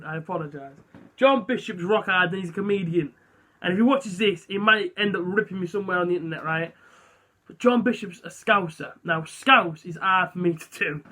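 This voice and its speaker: A young man chatting casually to camera, rambling and self-deprecating with lots of fillers. His voice is high and bright. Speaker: vlogger. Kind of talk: casual vlog chat.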